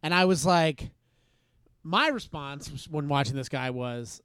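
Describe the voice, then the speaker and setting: A man's voice: on the high side, unhurried, clean tone, dry recording, studio quality. A man hosting a podcast, telling a story in casual chat with lots of fillers and restarts. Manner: animated anecdote-telling with many fillers and restarts. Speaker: podcast host.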